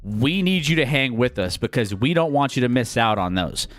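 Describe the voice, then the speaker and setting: A man hosting a casual sports talk show, energetic and rambling as he previews the season. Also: mid-range voice, normal speed, faint music behind. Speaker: sports podcast host.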